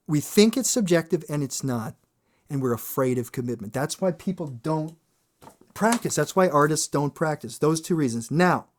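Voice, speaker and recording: In this podcast, the male host, who is a singer, talks on his own in a loose, lively way, cursing without restraint. His voice is a little high, and he performs other people's lines in character.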